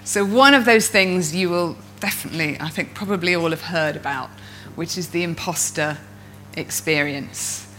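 A woman coach presents to fellow coaches, telling stories expressively and acting out inner voices. Her voice is on the low side, at a moderate pace with hardly any pauses. The recording is rough, with a little hiss or hum.

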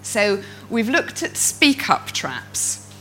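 A woman's voice: medium pitch, takes it slowly, soft background music, poor audio. A woman coach giving a talk to fellow coaches, telling stories expressively and acting out inner voices. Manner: expressive storyteller who acts out inner voices. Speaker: coach and speaker. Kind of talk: presentation to an audience of coaches.

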